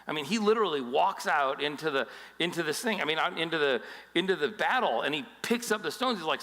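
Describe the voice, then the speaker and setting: A male pastor preaching a sermon in a lively, joking storytelling style. His voice is bright and fairly high for a man. It carries a long reverb from a large hall. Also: fast.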